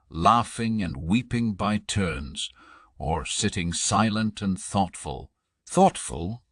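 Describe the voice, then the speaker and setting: Deep, slow male audiobook narrator. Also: a bit bright, no echo, clean studio sound. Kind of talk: scripted poetry narration.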